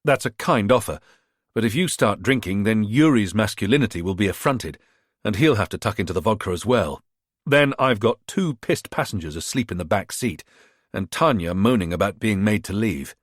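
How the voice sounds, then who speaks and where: A man playing a resourceful, calm man explaining a plan in a brisk, matter-of-fact way. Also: fairly low pitch, dry recording, clean studio sound. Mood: calm, scheming. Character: resourceful man, calm under pressure, plotting.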